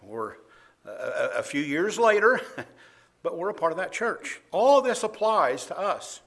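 A man's voice: high voice, a little slow, vocal fry. A man preaching a sermon, reading scripture aloud with emphasis and chuckling often. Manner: animated, laughs often, reads verses louder.

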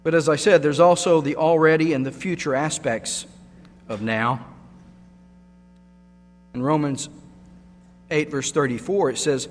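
A man's voice: fairly high pitch, fairly even intonation, measured pace, long pauses. A man preaching a sermon, emphatic and repeating key words for stress. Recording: long hall reverb with mains hum.

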